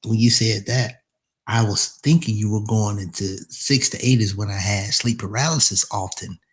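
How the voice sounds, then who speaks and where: A man from Alabama in casual conversation, relaxed and conversational, sometimes mimicking voices as he retells things. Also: lowish voice, moderate pace. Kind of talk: casual chat.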